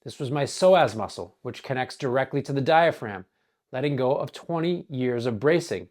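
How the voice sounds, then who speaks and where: Hoarse guy coaching, slow deliberate narration, earnest pauses, mid pitch. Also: animated, darkish tone. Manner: measured, earnest, dramatic pauses. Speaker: wellness coach. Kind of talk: scripted narration.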